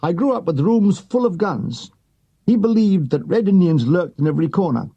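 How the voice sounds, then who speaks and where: Gravelly husky man reading a memoir. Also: sits high, lively intonation, moderate pace, dark tone, lo-fi sound. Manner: dry comic delivery with voiced quotes. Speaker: audiobook reader. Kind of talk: reading a wartime memoir aloud.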